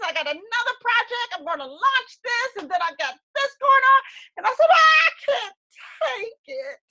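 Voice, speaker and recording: A woman's voice: sits high, pushed and bright, highs cut off. A woman co-hosting a webcast, chatting casually to viewers and acting out quotes with lots of laughter. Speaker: webcast co-host.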